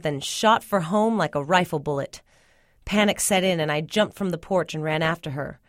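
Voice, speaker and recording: A woman reading a first-person story aloud in a measured, suspenseful way. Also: on the low side, no room sound, studio quality. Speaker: story reader.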